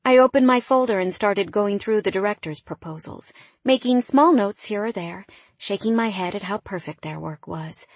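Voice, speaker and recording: Husky woman narrating a romance. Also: mid-range voice, normal speed, no room sound. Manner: intimate, often dropping quiet and wistful. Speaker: audiobook narrator. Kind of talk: first-person romance narration.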